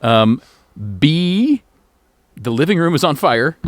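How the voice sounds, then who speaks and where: A man telling an absurd bit as a comedy podcast panelist, deadpan and halting. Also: on the high side, dry recording. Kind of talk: casual comedic banter.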